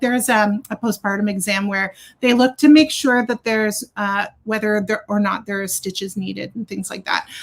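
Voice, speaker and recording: Animated woman telling a story. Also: a little high. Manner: animated storyteller, acts out quoted voices. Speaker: doula. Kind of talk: casual chat.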